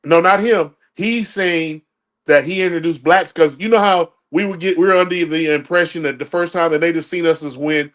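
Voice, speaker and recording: A man's voice: on the high side, fairly even intonation, normal speed, a bit bright. Insistent man lecturing in a debate. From United States. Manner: insistent, lecturing, talks over others. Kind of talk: debate talk.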